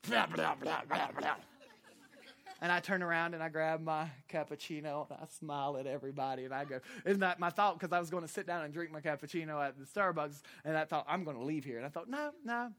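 A male minister with a Southern US accent preaching a sermon, swinging from loud, impassioned preaching to quiet storytelling. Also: a little high, quick pace, hardly any pauses.

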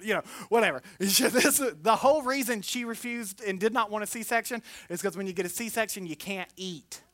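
A man preaches in a loose, storytelling way, slipping in jokes and taking on the voices of the people he describes. His tone is bright and ringing. The sound is dry and close, with no room echo. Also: high-pitched. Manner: folksy and joking, acts out the people in his stories. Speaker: pastor. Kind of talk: conversational sermon storytelling.

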